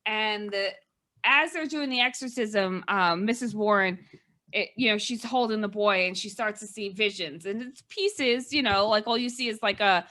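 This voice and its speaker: A woman's voice: medium pitch, normal speed, pushed and bright. A woman co-hosting a casual movie review chat, recapping the plot in a rambling way full of "like" and "kinda".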